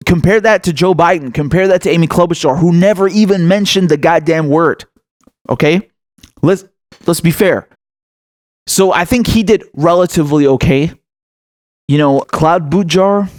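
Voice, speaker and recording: A man hosts political commentary with a high voice, recorded in a dry space. He rants angrily and swears often. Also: no room sound. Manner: angry, profane, ranting.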